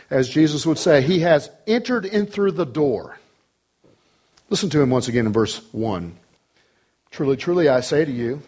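A man preaching a sermon with emphasis, swinging between loud raised passages and low, quiet ones.

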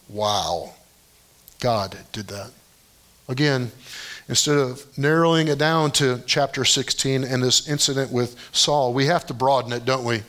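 A man preaching a sermon as pastor, in a conversational storytelling way, often pushing his voice up high to stress a point. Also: a little slow, fairly bright tone.

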